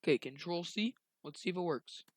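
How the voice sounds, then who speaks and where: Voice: mid-range voice, expressive, brisk, no echo. A young video creator casually retelling a story while drawing, rambling along with slangy asides.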